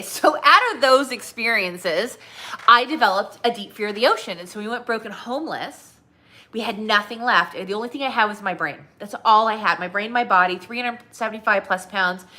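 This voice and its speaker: A woman's voice: mid-range voice, sharp tone. A woman from Southern California, a weight loss coach, telling a personal story in a chatty way with lots of fillers.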